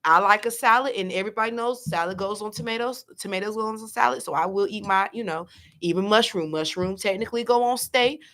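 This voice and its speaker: A woman co-hosting a casual chat show, chatty and quick to restart her sentences. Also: mid-range voice. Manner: animated, chatty, restarts a lot. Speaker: podcast co-host.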